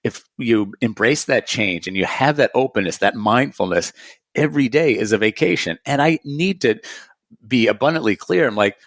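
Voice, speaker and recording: A man who teaches meditation, speaking as a guest on a podcast, earnest and reflective and quick to laugh. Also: mid-range voice, expressive, fairly bright tone, no room sound, studio quality. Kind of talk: conversational podcast interview.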